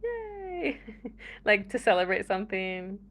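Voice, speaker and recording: Young American woman, relaxed vlogger, slow easy delivery, giggles between lines. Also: mid-range voice, creaky. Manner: laughs often, chatty and playful. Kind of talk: casual chat to camera.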